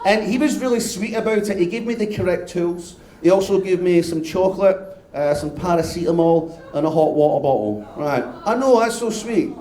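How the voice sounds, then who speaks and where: A Scottish man in his fifties works a live comedy crowd in a high, bright voice. He is brash and sweary and gets loud as he banters. The sound is echoey, as from a live venue. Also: expressive, moderate pace. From Scotland. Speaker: stand-up comedian. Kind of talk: live stand-up routine.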